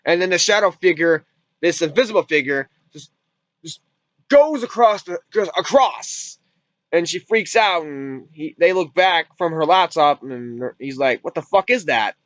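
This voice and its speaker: A man's voice: on the high side, lively intonation, a little slow, fairly bright tone, dry recording. Rambling man with a lo-fi dry sound. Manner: rambling retelling with frequent restarts and fillers; casual, swears freely. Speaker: movie reviewer. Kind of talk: casual spoken movie review. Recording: dull lo-fi dry recording.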